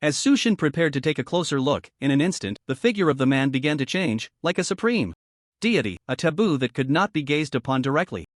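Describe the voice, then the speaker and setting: Guy narrating a story recap, kinda high voice, bouncy ups and downs, dry close sound. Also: animated, brisk, no echo.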